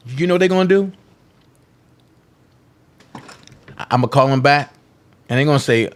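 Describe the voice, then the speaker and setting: A man hosting a political livestream, delivering a heated, defiant monologue that taunts his critics, repeats phrases for emphasis and swings from loud outbursts to hushed asides. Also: high-pitched, steady tone, normal speed, pauses often, clean tone.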